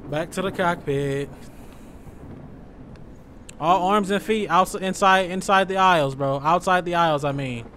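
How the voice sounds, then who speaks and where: A man's voice: high voice, unhurried, pauses often, a little hiss or hum. Joking young male game streamer. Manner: loud, joking, reacting with slang. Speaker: gaming streamer. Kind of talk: let's-play commentary.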